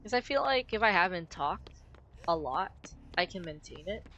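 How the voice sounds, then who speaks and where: A woman game streamer with a gruff, slightly rough voice, chatting candidly and musing aloud in a low, somewhat pushed register. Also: expressive, moderate pace, a bit bright, slight background noise. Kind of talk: casual stream chat.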